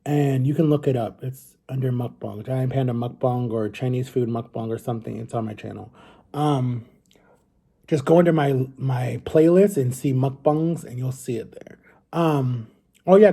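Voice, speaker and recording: Male vlogger, dark and breathy tone, loose rambling storyteller talking to the camera. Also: mid-range voice, moderate pace. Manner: rambling, chatty, often addresses viewers as guys. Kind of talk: casual storytelling to viewers.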